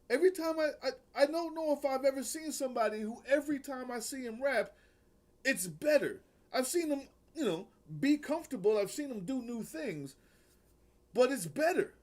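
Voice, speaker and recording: A man with a fairly high voice co-hosts a casual online show. He talks in an animated way and laughs often as he weighs up a rap battle and greets viewers. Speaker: co-host reviewing rap battles. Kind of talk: casual chat.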